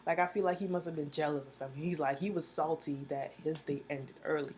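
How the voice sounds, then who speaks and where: A woman reviewing a television drama in a casual vlog, telling it with animated, slangy storytelling, repeating phrases for emphasis and laughing often. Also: sits low, quick pace, hardly any pauses, a little hiss or hum.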